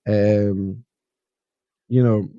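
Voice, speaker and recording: Candid Scottish man with a low voice. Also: fairly even intonation, extremely slow, dark tone, clean tone, no room sound, lo-fi sound. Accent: Scottish Borders. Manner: candid, rambling and self-deprecating. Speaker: podcast host. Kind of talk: solo reflective podcast monologue. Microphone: podcast microphone.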